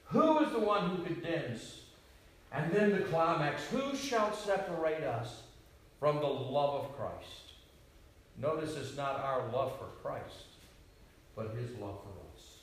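Emphatic preacher in an echoey hall. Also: male voice, mid-range voice, lively intonation, a little slow. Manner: emphatic, swinging between loud declarations and quiet asides. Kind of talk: sermon. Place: retreat meeting hall. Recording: echoey room, voice from far off.

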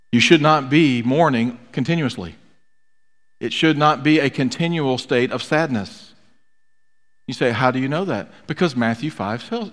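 Earnest male preacher in a reverberant hall. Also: medium pitch. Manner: earnest preaching with emphatic repetition. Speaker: pastor. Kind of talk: sermon.

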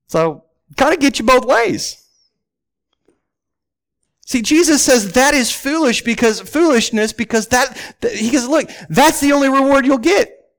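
A man's voice: very high voice, lively intonation, normal speed, a bit bright. A male pastor preaching a sermon, emphatic, repeating key lines and asking his congregation questions.

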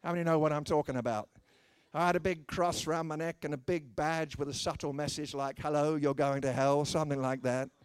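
On the high side and fairly even in intonation, this British man's voice is brisk, clear, and resonant, with no echo. Speaking in British English, he delivers a funny sermon full of stories, performing the characters' voices with dry, self-deprecating humor.

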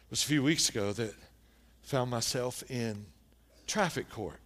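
A man preaching a sermon, telling a story with lively shifts between hushed and loud delivery. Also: mid-range voice, unhurried. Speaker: pastor.

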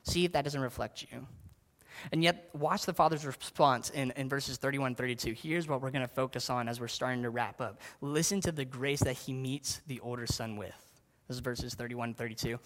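A man's voice: medium pitch, moderate pace, a bit bright. A man preaching casually, often saying "like" and asking his listeners direct questions. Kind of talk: sermon.

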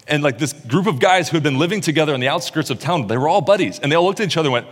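A man preaching a sermon, telling the story in an animated way and acting out the words of its characters. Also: on the high side, quick pace. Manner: animated storyteller who acts out quotes. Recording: long reverb in a large hall.

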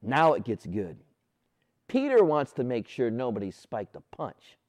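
A male pastor preaching a sermon, animated and playful, sometimes dropping to a soft, low voice on key points. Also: unhurried, no echo.

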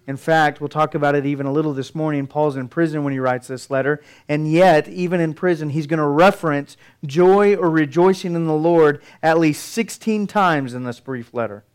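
A man's voice: a little high, moderate pace, few pauses, clean tone. A middle-aged male pastor preaching a sermon, earnest and building emphasis through his points.

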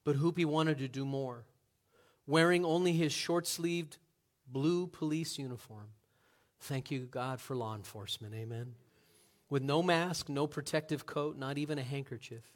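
A man preaching a sermon in an earnest manner, moving from hushed passages to loud, emphatic ones. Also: fairly high pitch, normal speed. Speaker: pastor.

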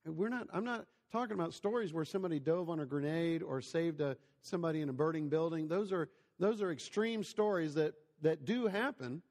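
Gravelly man preaching in a hall. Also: on the high side, a little fast, few pauses, a little mellow. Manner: storytelling, conversational, rhetorical questions to listeners. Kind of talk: sermon. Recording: long hall reverb.

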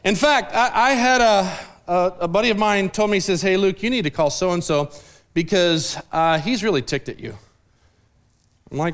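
A man's voice: high voice, a little fast. A man preaching a sermon as pastor in a church, casual and joking as he acts out people's lines. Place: church sanctuary.

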